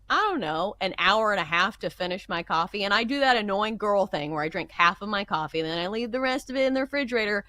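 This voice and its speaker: A woman co-hosting a morning sports show, telling stories in a playful, animated way. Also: mid-range voice, dry recording. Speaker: show co-host. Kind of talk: casual morning sports talk.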